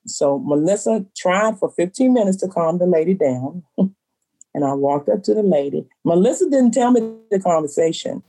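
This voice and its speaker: Mellow-voiced woman telling a lively story. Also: on the low side, normal speed. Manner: animated storyteller acting out quoted voices. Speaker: bookstore owner. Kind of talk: storytelling in an interview.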